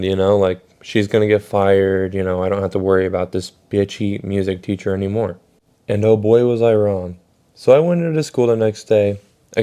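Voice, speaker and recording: A young man tells a story in a loose, rambling way, packed with fillers and casual swearing. His voice sits on the low side with a dark, mellow tone. It sounds like a relaxed storytime vlog. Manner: rambling, profane, lots of fillers. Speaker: storytime vlogger.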